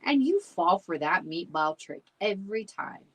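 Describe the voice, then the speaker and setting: A woman's voice: fairly low pitch, very animated, unhurried, exaggerated voice. Give me a woman voicing a dry, patient schoolboy.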